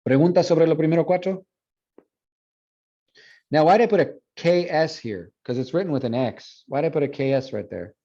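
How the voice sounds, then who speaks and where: A man teaching a phonetics class review, explaining and repeating words slowly to model pronunciation. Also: fairly high pitch, mellow. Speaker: Spanish phonetics instructor. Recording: dull lo-fi classroom recording.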